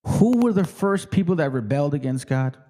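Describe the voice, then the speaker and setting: Man, bible study commentary, streetwise slang, mellow dark tone, somewhat high pitch. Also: animated, brisk. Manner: emphatic and streetwise, checking in with the listener. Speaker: host.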